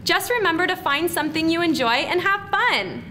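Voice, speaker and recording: A woman presenter speaking slowly and encouragingly to students at a school assembly. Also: extremely high pitch, lively intonation, bright, forceful tone, slight background noise. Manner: slow, encouraging, teacherly.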